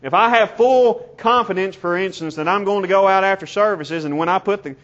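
High-voiced emphatic male preacher. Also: a bit bright, lo-fi sound. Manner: measured, emphatic, numbered points. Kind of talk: sermon.

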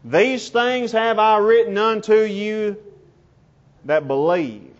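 A man preaching in a high voice, pressing each point with deliberate emphasis. His words come one by one, in numbered steps. The recording sounds dull and lo-fi. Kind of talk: sermon.

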